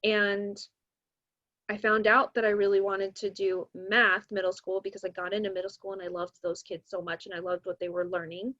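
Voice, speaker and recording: A young woman who teaches math tells a story in casual podcast style, speaking at a normal pace in a mid-range voice. She's animated and acts out the voices of the people she quotes. The recording is dull and lo-fi.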